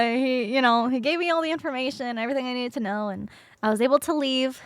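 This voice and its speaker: A woman's voice: sits high, quick pace, dry recording, studio quality. A young woman streamer telling a story casually to her chat, laughing often and swearing freely.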